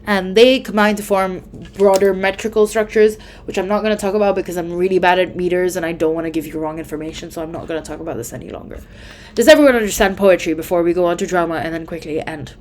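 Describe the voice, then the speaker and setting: Young woman, casual tutor, rambling with ums, self-correcting, lowish voice. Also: fast talker, a little mellow, a little hiss or hum. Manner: chatty, filler-heavy, self-correcting. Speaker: student tutor. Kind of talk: casual exam tips lesson.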